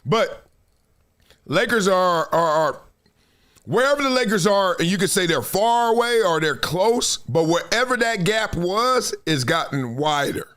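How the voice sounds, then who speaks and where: A middle-aged man hosting a live sports talk show, animated and emphatic, often laughing. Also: high voice, unhurried. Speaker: host.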